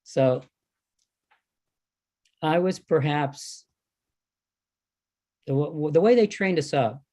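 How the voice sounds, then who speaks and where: Older man telling a lively anecdote. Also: on the high side, takes it slowly. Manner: animated storytelling, acting out quoted exchanges. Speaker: devotee recalling service. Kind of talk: anecdotal talk at a reunion.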